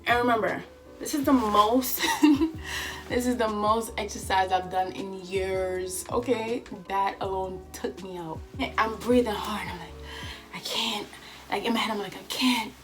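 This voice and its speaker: Young woman vlogger, animated and chatty, giving advice, faint music behind. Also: mid-range voice, moderate pace. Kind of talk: casual storytime vlog. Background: faint background music.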